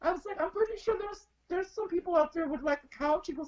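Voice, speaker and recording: A woman's voice: very high voice, quick pace, muffled recording. A woman guest telling a story in casual chat, acting out each person's lines as she goes. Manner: animated, acts out dialogue in quotes.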